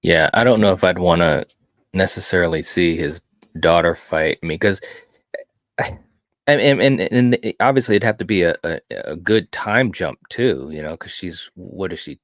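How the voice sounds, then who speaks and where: A man's voice: low voice, no room sound, clean studio sound. A man who is a guest on a live watch-party, chatting casually about movies with a lot of restarts. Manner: halting, many restarts and filler words. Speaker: guest co-host.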